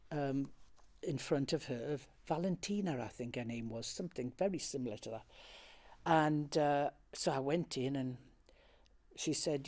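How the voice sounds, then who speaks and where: A woman's voice: sits low, dark tone. An older woman, a stage actor, recalling her theatre career in a chatty, anecdotal oral history interview, often laughing as she talks.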